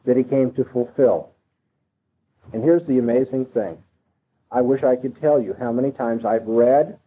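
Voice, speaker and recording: A man's voice: medium pitch, breathy edge. A man preaching an expository sermon, emphatic and driving his points home by repeating them. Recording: tinny phone-like broadcast sound.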